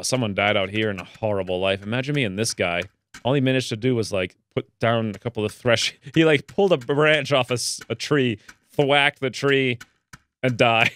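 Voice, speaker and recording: A man chatting casually while playing a video game, excitable and chatty, his voice jumping up high when something delights him, with a slightly stuffy nose. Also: a little hiss or hum. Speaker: let's play gamer. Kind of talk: casual gameplay commentary.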